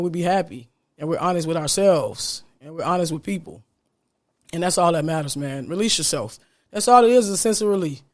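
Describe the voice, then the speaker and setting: A man hosting a podcast on his own, talking casually and from the heart, with a smile in his voice and "man" dropped in often. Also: high voice. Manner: upbeat, smiling as he talks. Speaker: podcast host. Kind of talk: solo podcast monologue.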